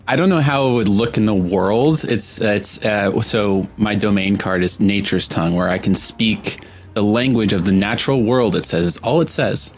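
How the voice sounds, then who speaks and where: A man's voice: fairly low pitch, normal speed, slight background noise. A man playing a tabletop game, talking in a chatty, hesitant way and stepping into his character. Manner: hesitant, chatty, with many restarts. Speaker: player.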